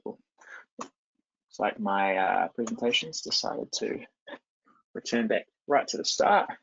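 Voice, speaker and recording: A man giving a live software demo at a conference, talking loosely with many ums and restarts. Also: lowish voice, takes it slowly, vocal fry, a little hiss or hum. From New Zealand. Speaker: conference presenter. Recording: dull lo-fi sound.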